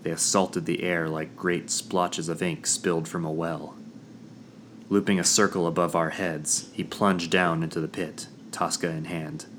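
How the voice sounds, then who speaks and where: A man narrating a first-person fantasy audiobook in a measured, dramatic storytelling manner. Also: low voice, flat delivery, a bit bright, slight background noise.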